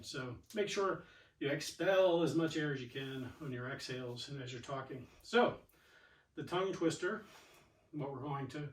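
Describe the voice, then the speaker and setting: Guy coaching a yoga class, kinda high bright voice, chatty and encouraging, mic a bit far off. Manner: chatty, encouraging, talks through each cue. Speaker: yoga and fitness instructor. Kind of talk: guided exercise instruction. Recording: echoey room, mic at a distance.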